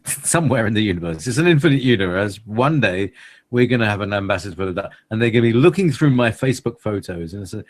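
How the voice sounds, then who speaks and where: A man's voice: fairly low pitch, expressive, quick pace. A man, co-hosting a radio chat. He rambles playfully, with many fillers and laughs. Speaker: co-host.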